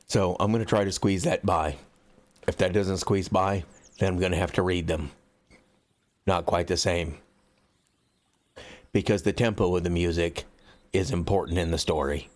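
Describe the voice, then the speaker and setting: A man's voice: deep voice, steady tone, moderate pace, pauses often. An American man, an author, chatting bluntly and profanely to his viewers before reading from his own book. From United States. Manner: blunt and profane, loose rambling delivery.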